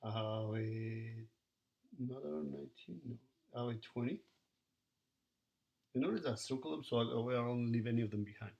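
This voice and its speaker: Gravelly-voiced male math teacher. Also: medium pitch, normal speed, pauses often, highs cut off. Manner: talks to students while working through problems, counting numbers aloud. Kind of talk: recorded video lesson.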